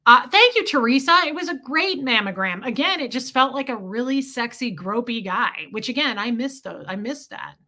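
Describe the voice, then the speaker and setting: A woman's voice: on the high side, expressive, moderate pace, hardly any pauses, pushed and bright. A woman hosting a casual livestream, rambling through a story and greeting viewers as she goes. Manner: scattered, chatty, greets viewers mid-story. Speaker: livestream host.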